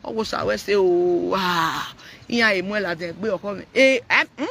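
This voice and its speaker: A man's voice: high voice, measured pace, vocal fry, a bit bright, slight background noise. A man with a Nigerian accent talking to viewers on a live stream, ranting animatedly and mixing Pidgin, Yoruba and English.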